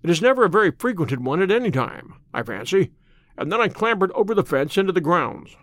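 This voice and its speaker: A man reading the part of a sharp, wry, confident male detective in an audiobook, with a brisk, dry and self-assured delivery. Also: sits high, very animated, dry recording.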